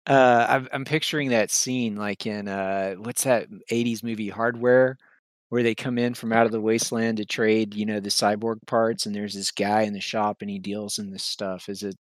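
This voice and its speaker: A man with a low voice talks hesitantly, pausing on fillers while he hunts for the right word. The recording is close and dry. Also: little pitch movement, dry recording. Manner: hesitant, searching for words with many fillers. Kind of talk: casual podcast chat.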